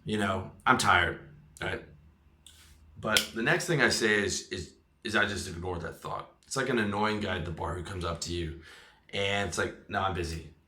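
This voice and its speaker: Male sales coach, lowish bright voice, emphatic, keeps asking "okay?", echoey room. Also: moderate pace, slight background noise. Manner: emphatic, repeats "okay?" and "right?" to press points. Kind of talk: motivational monologue.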